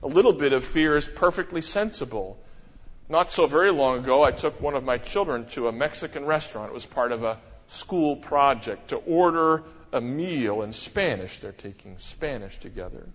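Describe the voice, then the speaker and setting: A middle-aged man preaching a sermon as a pastor, talking in an animated way with many rhetorical questions and sudden emphasis. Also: medium pitch, moderate pace. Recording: dull, echoey church hall.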